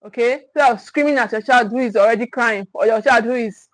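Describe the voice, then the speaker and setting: Talking fast in a fairly high voice, a woman coaches parents over a livestream, emphasizing and repeating her main points. She addresses the viewers directly with regular check-ins, and the rough recording has no echo.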